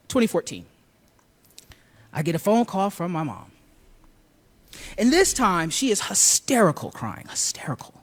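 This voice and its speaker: Guy telling his own story, kinda high voice, acts out what everyone said, swings up and down a lot. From Buffalo, New York. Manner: expressive, acts out the quoted lines. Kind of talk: personal storytelling on stage.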